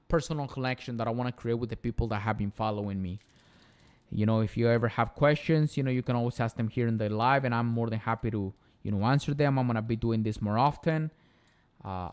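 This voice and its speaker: A young man with a Spanish accent hosts a casual live stream for his channel, his medium-pitched voice clear, resonant, and a little mellow. He speaks earnestly and motivationally, piling up repeated phrases for emphasis.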